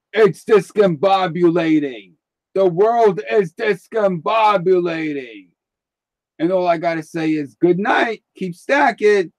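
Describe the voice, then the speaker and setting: A man's voice: high voice, animated, a little slow, a little mellow, no room sound. A man hosting a live stream in casual chat, blunt and rambling, swearing freely.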